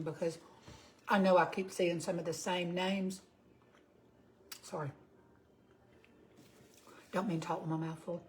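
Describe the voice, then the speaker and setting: Greeting viewers by name, a woman in her fifties from Georgia, US, chats casually with a Southern accent during her cooking livestream and reads out comments. Her voice is lowish, with a darkish tone.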